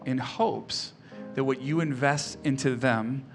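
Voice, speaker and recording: A man in his thirties, a pastor giving an earnest sermon, often soft-spoken and picking up speed when telling stories. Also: medium pitch, slow, soft background music. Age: 30s.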